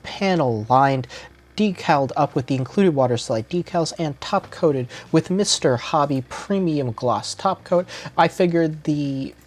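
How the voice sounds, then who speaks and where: A man giving a casual, methodical model-kit review, listing parts and often correcting himself mid-sentence. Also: a little high. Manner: steady, methodical listing with frequent self-corrections. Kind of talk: casual product review narration.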